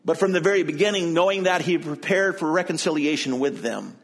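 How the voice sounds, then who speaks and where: Conversational male preacher, fairly high voice. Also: brisk. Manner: conversational, explains and retells the text; frequent restarts and self-corrections. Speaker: pastor. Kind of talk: sermon.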